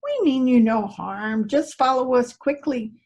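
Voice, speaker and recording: A woman voicing two brisk men who curtly reassure a frightened donkey. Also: high voice, darkish tone.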